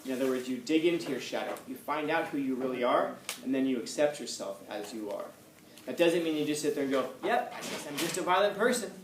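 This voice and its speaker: Casting: male teacher, conversational and repetitive, at medium pitch, distant mic in a reverberant room. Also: fast talker. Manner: conversational, repeats points for emphasis. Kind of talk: classroom lecture. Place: classroom. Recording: echoey room, far from mic, faint noise.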